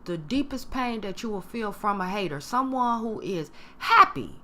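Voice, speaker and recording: A woman in her late forties speaks straight to her listeners, telling a story from her own life. Her voice is bright and very lively, swinging up and down as she acts out the quoted lines of others. She talks in a loose, conversational way, full of restarts and little "okay?" checks. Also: moderate pace, slight background noise. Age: 40s. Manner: animated, acts out quoted voices with big pitch jumps. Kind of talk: personal storytelling talk.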